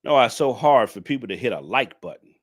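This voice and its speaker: A man's voice: medium pitch, lively intonation, a little fast, slightly rough. A man hosting a livestream, scolding his viewers in a preachy, repetitive rant. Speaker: livestream commentator. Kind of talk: ranting livestream commentary.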